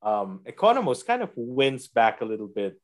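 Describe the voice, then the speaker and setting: A man with a mid-range voice retells a TV episode in casual chat. He narrates the action in an animated way, drops into quick impressions of the characters, and laughs easily along the way. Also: medium pitch. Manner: animated storyteller, acts out quotes, laughs often. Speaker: podcast host recapping a TV episode.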